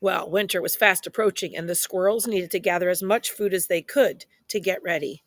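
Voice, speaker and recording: A woman reading a children's picture book aloud in a playful, expressive way, speaking straight to young listeners. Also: on the low side, fairly quick, dry recording. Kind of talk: children's story read-aloud.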